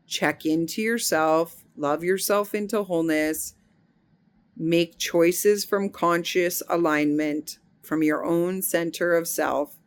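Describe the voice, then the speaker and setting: A middle-aged woman speaks in a somewhat low voice, sharing a reflective spiritual monologue. She is earnest and unhurried, and she often restarts a phrase as she searches for the right word. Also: steady tone. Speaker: spiritual healing teacher.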